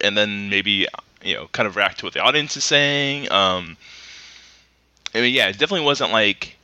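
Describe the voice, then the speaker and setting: A man's voice: mid-range voice, lively intonation, moderate pace, sharp tone, dry recording. A man co-hosting a podcast, rambling through stories in casual chat with many fillers. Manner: rambling storyteller, many fillers and acted quotes. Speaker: podcast co-host.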